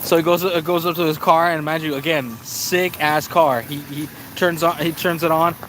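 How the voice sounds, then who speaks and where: Brief: young male streamer, higher-pitched voice, cussing, animated, slangy, stumbling restarts. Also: moderate pace, a little hiss or hum. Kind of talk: casual live-stream storytelling.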